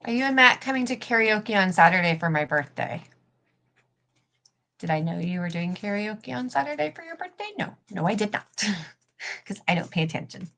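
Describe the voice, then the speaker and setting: A young adult woman hosts a casual craft live stream as a cosplay prop maker, rambling along with plenty of fillers and the occasional swear. Her medium-pitched voice is expressive and creaky with a sharp tone, and she talks at a normal speed.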